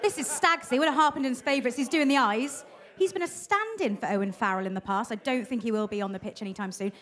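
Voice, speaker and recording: A woman's voice: a little high, fast talker, fairly bright tone. A woman presenting audience questions at a live event, teasing the fans she introduces. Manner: cheeky, teasing.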